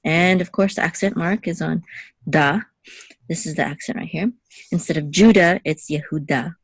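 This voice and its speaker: A woman with a notably low voice, teaching Hebrew letters and vowels in a patient, step-by-step way. She checks in often with a quick "okay?" The recording is dry and close, with no room sound. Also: steady tone, slightly rough, no room sound. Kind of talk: one-on-one lesson.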